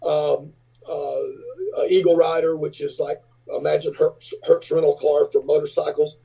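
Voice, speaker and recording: Husky fifties rock-star guest, rambling storyteller, dull lo-fi audio. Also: male voice, a little high, level tone, normal speed, recorded from a distance. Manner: rambling, filler-heavy anecdotes. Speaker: podcast guest, rock singer and entrepreneur. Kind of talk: casual storytelling.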